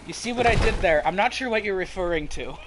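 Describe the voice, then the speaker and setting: A man's voice: high voice, lively intonation, fast, noisy background. A young man streaming a game, chatting casually and joking with his viewers. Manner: chatty, joking, talks to chat between menu picks. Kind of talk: casual gameplay commentary.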